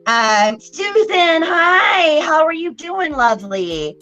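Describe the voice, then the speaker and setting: A woman's voice: extremely high pitch, very animated, slow pace, pushed and bright. A woman with a Texan accent hosting a casual livestream reading, chatty and greeting viewers by name. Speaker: host and card reader. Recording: dull lo-fi livestream audio with faint music.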